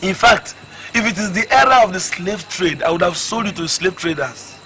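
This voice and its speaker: A man's voice: high-pitched, brisk, pushed and bright, a little hiss or hum. An actor with a Nigerian English accent playing a lazy, grumbling father who scolds and mocks his son, stumbling over his words. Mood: mocking scolding. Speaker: film actor. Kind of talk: comic film acting.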